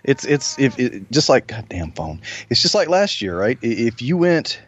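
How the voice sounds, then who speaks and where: A man's voice: medium pitch, big pitch swings, normal speed. A man in casual chat, blunt and dismissive, swearing freely. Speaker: podcast co-host. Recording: dull dry lo-fi sound.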